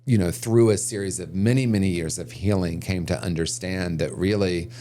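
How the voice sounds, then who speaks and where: A man's voice: sits low, normal speed, warm tone, slight background noise. A man speaking as a podcast guest on recovery, reflective and earnest, thinking aloud and often restarting his sentences. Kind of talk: conversational podcast interview.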